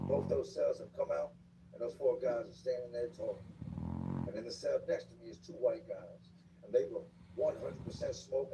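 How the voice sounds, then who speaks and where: A man telling stories of his time as an inmate in casual street slang, acting out the shouts of other inmates. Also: mid-range voice. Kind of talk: casual storytelling. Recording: distant mic with clear background noise.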